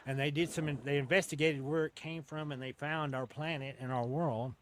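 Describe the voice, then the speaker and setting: A man's voice sitting a little higher than most men's. He is an interview guest telling a long story in a loose, conversational way. He often backtracks and restarts, and drops casual swear words as he goes. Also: steady tone, moderate pace. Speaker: interview guest recounting an encounter.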